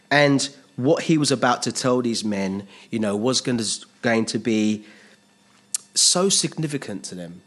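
A man's voice: medium pitch, animated, measured pace. Earnest man preaching a sermon. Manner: earnest, emphatic preaching with repeated phrases and rhetorical questions. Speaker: pastor.

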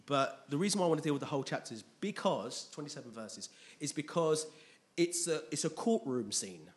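A man's voice: a little high, expressive, fairly quick. A man preaching a conversational sermon in a church, reading scripture aloud and often checking in with his congregation.

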